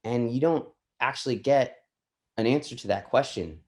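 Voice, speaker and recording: A man as a podcast guest, telling stories in an animated way and swearing freely. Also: medium pitch, normal speed. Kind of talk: casual podcast chat.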